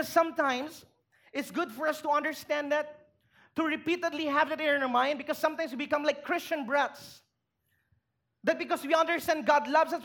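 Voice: sits high, a bit bright. A pastor preaching a sermon in church, making emphatic points and putting rhetorical questions to the congregation.

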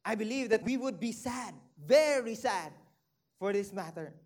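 A preacher delivering a sermon at a middle pitch. The delivery moves between read scripture and direct questions to the listeners. Important phrases are drawn out slowly, and the voice sinks low and soft at sad moments. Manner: slows down and stretches key phrases for emphasis; drops low and quiet on sad points, rises on excited ones.

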